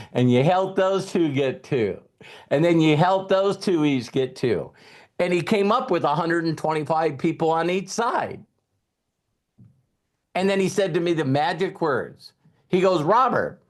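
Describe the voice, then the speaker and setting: A man's voice: a little high, a little mellow. A man speaking as a motivational speaker, retelling a past conversation to an audience in a conversational way with emphasis. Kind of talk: storytelling speech to an audience.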